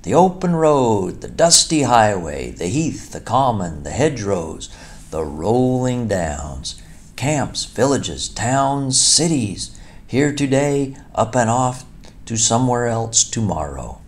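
A man's voice: mid-range voice, sing-song, slow pace, voice pushed up. A man doing a boastful gushing toad. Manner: grand, pleading, gushing. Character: boastful excitable male toad. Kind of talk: storybook character voice.

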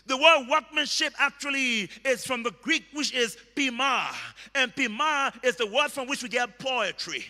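A man preaching a sermon, emphatic and repetitive, bursting into shouted words. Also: very high voice, moderate pace, few pauses, in a large hall. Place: church hall.

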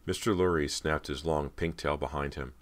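Man with an extremely deep voice narrating horror. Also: steady tone, normal speed. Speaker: audiobook narrator.

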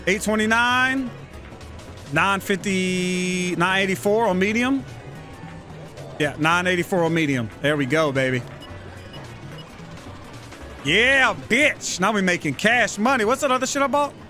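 A man giving live gameplay commentary, exasperated and swearing, yelling at the game as he plays. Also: high-pitched, animated, moderate pace, soft background music, rough recording. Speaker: gaming channel host.

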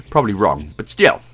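A man's voice: mid-range voice, a bit bright, slightly rough. A Welsh man talking casually through a game walkthrough, joking and chuckling at his own asides.

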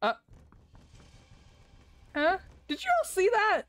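A woman's voice: high-pitched, animated, a little slow, fairly bright tone, no room sound. A woman streaming a game live, ranting and swearing in exasperation, with lots of laughter. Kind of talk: live gameplay commentary.

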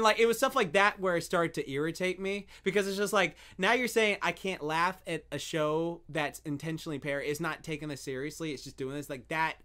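A man co-hosting a podcast, talking in a laid-back, halting way full of "uh" and "like". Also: on the high side, a bit bright. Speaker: podcast co-host. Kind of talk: casual advice chat.

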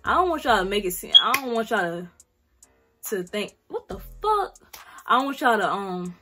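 This teenage vlogger from South Carolina, in her late teens, tackles Q&A questions casually, swearing without restraint and speaking in blunt slang. Her mid-range voice is expressive, fairly quick, pushed and bright, with faint music in the background.

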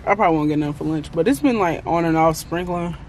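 A woman's voice: low voice, fast, darkish tone, slight background noise. A woman vlogging casually about her day on a phone held at arm's length, chatty and rambling, often exasperated. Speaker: vlogger and lash technician. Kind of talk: casual selfie vlog.

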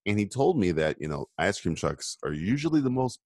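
Man, podcast co-host, casual movie commentary, jokey, laughs a lot, very animated pitch, dry close sound. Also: fairly quick, no room sound. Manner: jokey, laughs often, riffs loosely.

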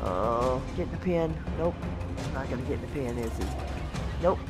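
A woman hosting a casual let's-play, chatting to the animals in her game in a coaxing, excitable way. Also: very deep voice, normal speed, music in the background. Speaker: gaming channel host.

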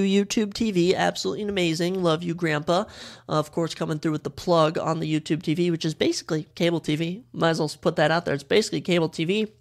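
Chatty young man with a gravelly edge. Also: high-pitched. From Minnesota. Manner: chatty, opinionated, repeats phrases for emphasis. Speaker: podcast host. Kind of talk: casual solo podcast chat.

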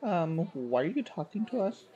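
A shrill, snobby cheerleader girl, as a man voices her in a game playthrough. She sneers and mocks with a high, pinched voice over a faint crowd murmur. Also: big pitch swings, normal speed, mellow, lo-fi sound. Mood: mocking. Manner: catty, mocking, shrill.

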